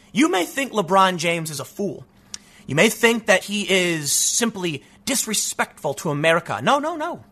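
A man's voice: sits high, pushed and bright, slightly rough. A man delivering a sarcastic, ranting opinion monologue as a commentary host.

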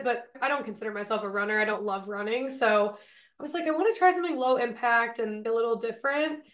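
A woman's voice: a little high, a bit bright, roomy sound. A young woman hosting a podcast interview, asking questions in a friendly, chatty way. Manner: friendly, chatty, uses "like" often. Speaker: podcast host.

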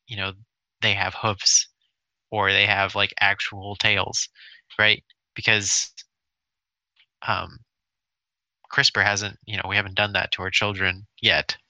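A man co-hosting a casual chat, rambling and stumbling over his words when he gets excited. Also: fairly low pitch, no echo, low-quality recording. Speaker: podcast co-host.

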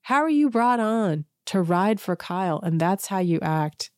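A woman's voice: mid-range voice, expressive, a little slow, no room sound, studio quality. A woman hosting a podcast, giving a casual, sarcastic recap and mimicking the people she quotes. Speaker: podcast host.

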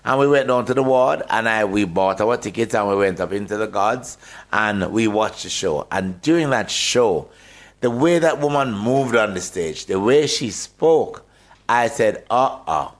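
An older man with a Jamaican accent and a fairly low voice tells stories as a radio guest. His talk is lively and full of laughter, and he repeats words as he goes. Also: a little slow. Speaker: interview guest, actor. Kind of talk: storytelling in a radio interview.

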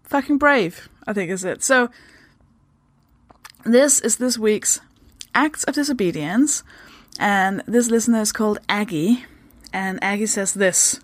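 A woman's voice: mid-range voice, measured pace, dry recording. A woman from Denmark hosting her podcast in a casual, chatty way, giggling and swearing freely. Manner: slips into goofy voices for jokes. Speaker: podcast host.

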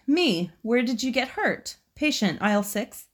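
A woman's voice: fairly high pitch, a little slow. A woman co-hosting a podcast, chatting casually and reading out funny stories with frequent giggles. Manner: giggly, animated storyteller. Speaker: podcast co-host.

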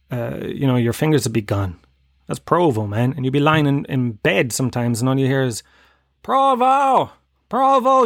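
Kerry irish man, thirties, podcast host, rambling sweary comic monologue, mid-pitched, dry close sound. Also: no echo. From Ireland (Tralee, Kerry). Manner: rambling, sweary, laughing at his own jokes.

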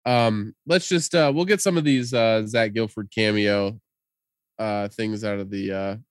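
A man's voice: fairly low pitch, measured pace, clear, resonant tone, dry recording, studio quality. A man co-hosting a podcast, chatting casually and reading listener tweets in a loose, jokey way. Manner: loose and jokey, laughs often. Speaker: podcast co-host.

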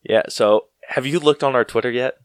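Laid-back young podcast host, dry sound. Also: male voice, medium pitch, moderate pace, no room sound. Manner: laid-back, laughs often, self-deprecating. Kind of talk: casual chat.

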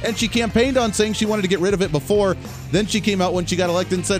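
A man's voice: high voice, fairly even intonation, fast talker, over music. A man hosting a talk radio show, giving blunt, opinionated, emphatic political commentary from a studio.

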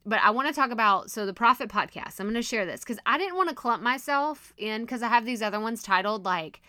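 A woman hosting her own podcast, teaching in a chatty, animated, self-deprecating way, with her voice strained and going hoarse. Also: on the high side, fairly quick, no echo, studio quality. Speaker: podcast host and coach. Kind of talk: casual solo podcast teaching.

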